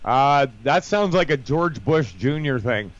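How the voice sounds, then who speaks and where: A man's voice: mid-range voice, expressive, unhurried. An American man co-hosting a live show, ranting and laughing in casual chat. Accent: American English. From United States. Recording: dull lo-fi sound.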